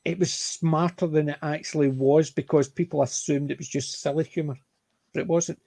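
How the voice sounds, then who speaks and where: A middle-aged man with a Glaswegian Scottish accent, hosting a panel and telling anecdotes in a chatty, animated way. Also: fairly high pitch, normal speed, vocal fry, no room sound. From Scotland, Glasgow area. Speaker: panel host. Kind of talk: casual chat.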